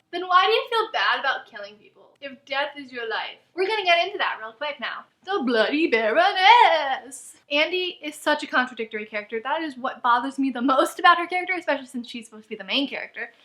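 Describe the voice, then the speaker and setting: A woman's voice: high-pitched, lively intonation, fast, hardly any pauses, pushed and bright. A woman ranting in a book review vlog, exasperated and full of "like.". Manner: exasperated, heavy use of "like".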